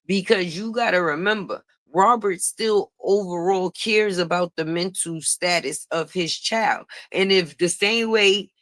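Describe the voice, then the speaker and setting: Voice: mid-range voice, a bit bright, dry recording, studio quality. A channel host giving a blunt, profane gossip commentary, repeating points for emphasis and laughing mockingly.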